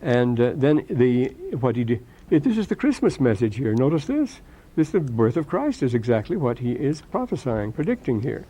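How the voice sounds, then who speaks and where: A man's voice: mid-range voice, big pitch swings, normal speed, warm tone, slightly rough, low-quality recording. An older man giving a rambling classroom lecture, with many restarts and asides.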